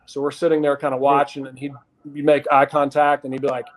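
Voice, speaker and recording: A man, a former punter, telling stories as a podcast guest, lively and acting out what others said. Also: medium pitch, quick pace. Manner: lively storyteller, acts out quotes. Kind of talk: casual podcast chat, storytelling.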